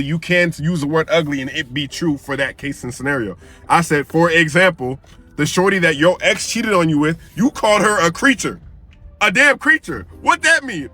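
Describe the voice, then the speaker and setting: A man's voice: a little high, bright, forceful tone. A man hosting a reaction channel, giving casual commentary on dating and laughing as he argues his point. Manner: conversational, laughs while arguing a point.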